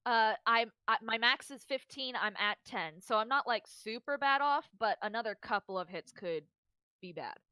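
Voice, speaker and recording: A woman speaks as a player at a tabletop game, in a fairly high voice. She is halting and pokes fun at herself. The sound is dry and close, with no room around it. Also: animated, pushed and bright, clear, resonant tone, dry recording. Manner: self-deprecating, halting. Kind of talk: casual tabletop game chat.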